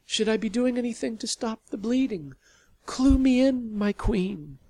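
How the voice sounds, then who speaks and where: The narrator of an audio story voicing a gentle, devoted young woman who looks after her wounded partner. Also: medium pitch, unhurried, no echo, pitched above the performer's own voice. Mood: gentle, concerned. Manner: gentle, caring questions.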